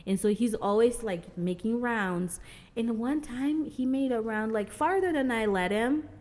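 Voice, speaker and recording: A young woman from Mozambique, a guest in a casual interview, tells stories animatedly and acts out the dialogue, saying "like" often among many fillers. Her voice is on the high side and her pace is measured.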